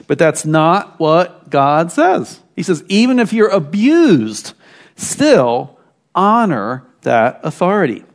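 A man preaching a sermon in a church, emphatic and animated, dropping at times into quiet asides. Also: fairly high pitch, takes it slowly. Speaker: pastor.

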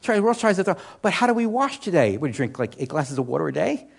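A Bible teacher delivers a sermon conversationally, posing questions to the room and answering them himself, with frequent "you know"s and restarts. His voice is high, gravelly, and slightly rough, and he speaks fast and very animatedly.

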